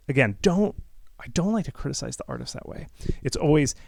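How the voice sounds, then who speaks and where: A man's voice: a little high, animated, moderate pace, gravelly, no room sound. A man hosting a game-marketing talk, rambling through casual advice with many restarts and acted-out upbeat feedback lines.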